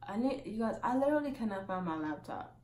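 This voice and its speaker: A young woman telling a casual storytime monologue as a vlogger, chatty and full of "like", acting out quotes loudly. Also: medium pitch, sing-song, quick pace, roomy sound.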